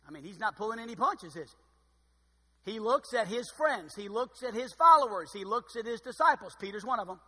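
A man preaching a sermon as pastor, expressive and dryly sarcastic, with loud emphatic bursts and quiet asides. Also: sits high, brisk, slightly rough, long reverb tail.

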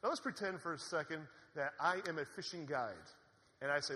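A man preaching a sermon in an animated, conversational way, with asides to the congregation. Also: on the high side, a little fast. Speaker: pastor. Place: church sanctuary. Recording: long hall reverb.

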